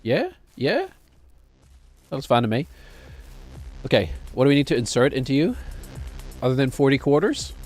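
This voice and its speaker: A man's voice: mid-range voice, a little fast, pauses often, a little mellow, faint music behind. A man streaming a game, rambling and joking to himself as he plays. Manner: rambling, jokey, talks to himself while playing. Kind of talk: casual gameplay commentary.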